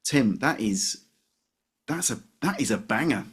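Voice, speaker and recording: Animated male podcast co-host. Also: mid-range voice, measured pace, breathy edge. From West Yorkshire, England. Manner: animated, laughs at own jokes. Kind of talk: casual chat.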